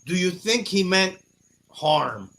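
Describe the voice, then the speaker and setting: A man's voice: high voice, sing-song, takes it slowly, gravelly, fairly bright tone. A man hosting a podcast in casual chat, with loose, profane banter and lots of fillers. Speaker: podcast host.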